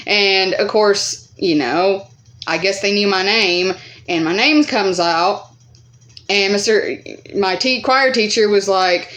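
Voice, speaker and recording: Rambling, profane woman vlogger. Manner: rambling, profane, many fillers; acts out quoted voices higher and louder. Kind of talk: casual storytime vlog.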